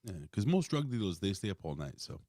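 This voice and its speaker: A man's voice: on the low side, sing-song, fast, a little mellow, no echo, studio quality. A man co-hosting a casual wrestling review chat, joking, swearing and mocking the wrestlers. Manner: profane, joking, mocking impressions. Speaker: co-host.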